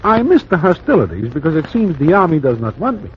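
An actor playing a wry New York narrator who speaks formally in the present tense, in 1940s radio acting. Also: male voice, on the high side, sing-song, fast, a little hiss or hum. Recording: dull old radio recording with music.

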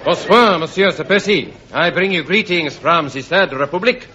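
An actor playing a lecherous, scheming French revolutionary envoy with a put-on comic French accent and a punning, theatrical manner. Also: male voice, fairly high pitch, expressive, normal speed, a crowd in the background, close to an everyday voice. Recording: muffled old broadcast, hiss, audience laughter.

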